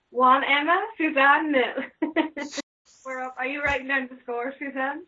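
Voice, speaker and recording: A woman's voice: sits high, little pitch movement, a little slow, bright, forceful tone. A woman hosting a podcast interview, blunt, jokey and profane in a casual chat. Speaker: podcast host. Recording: slightly muffled recording.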